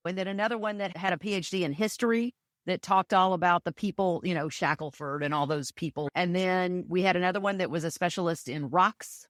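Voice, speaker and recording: A woman's voice: on the low side, brisk, no room sound, clean studio sound. A woman from Texas chatting as a podcast guest, telling her stories enthusiastically with plenty of fillers. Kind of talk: casual interview chat.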